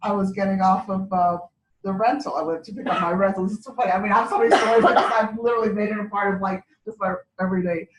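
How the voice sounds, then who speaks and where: A woman's voice: mid-range voice, fairly even intonation, rapid-fire. A woman beauty consultant telling chatty stories at a sales meeting and laughing as she talks. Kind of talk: casual story-sharing at a sales meeting. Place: meeting room. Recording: echoey room, distant mic, faint background hum.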